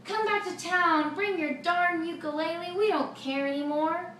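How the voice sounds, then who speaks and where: A woman voicing a crowd of townspeople who shout and exclaim, in a roomy recording from a distant mic. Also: sits high, lively intonation, normal speed, a little hiss or hum, pitched above the performer's own voice. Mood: jubilant. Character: angry townspeople, adult crowd, fed up.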